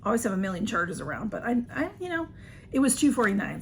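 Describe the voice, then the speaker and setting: A woman chatting through a shopping haul at home, rambling and a little hoarse. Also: mid-range voice, big pitch swings, quick pace, slight background noise. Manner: chatty, rambling, talks to her cats. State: slightly hoarse. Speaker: vlogger reviewing a shopping haul. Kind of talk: casual haul video chat.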